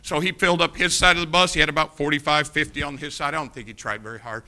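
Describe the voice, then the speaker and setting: In a sermon, an American preacher tells a lively story at a quick pace, his slightly high voice carrying a very bright, sharp edge. He repeatedly turns to speak straight to the congregation.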